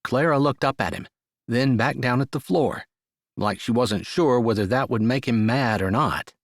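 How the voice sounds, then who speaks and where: A male audiobook narrator reads a romance in a measured, steady storytelling manner. His voice sits in an ordinary middle range. The recording is close and completely dry. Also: medium pitch, no room sound. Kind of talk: scripted narration.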